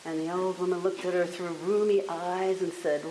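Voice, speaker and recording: A woman storyteller telling an oral folktale in an expressive, animated way. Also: fairly low pitch, moderate pace, hardly any pauses. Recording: echoey room with faint hiss.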